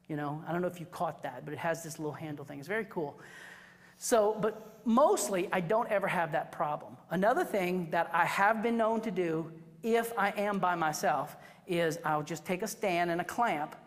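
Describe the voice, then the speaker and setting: Chatty woman teaching in a reverberant hall. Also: lowish voice. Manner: animated, chatty, acts out quotes with asides to the class. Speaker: photography instructor. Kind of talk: workshop teaching to a live class.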